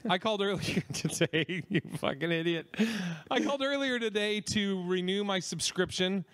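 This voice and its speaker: A man's voice: high-pitched, animated, normal speed, a bit bright, clean tone. A man co-hosting a comedy podcast, ranting in casual talk, profane and rambling, often stumbling over his words. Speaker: podcast co-host.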